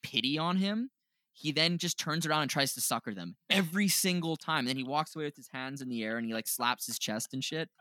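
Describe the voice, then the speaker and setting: A man co-hosting a podcast in casual chat, mocking someone with loud high-pitched impressions. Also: fairly quick, no echo. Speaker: podcast co-host.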